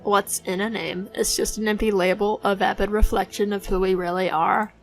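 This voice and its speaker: A woman voicing a smooth, evasive male detective in disguise in a game, speaking in a suave, theatrical way. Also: medium pitch, little pitch movement, moderate pace, soft background music, close to an everyday voice, poor audio. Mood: philosophical. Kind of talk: voicing a visual novel let's play.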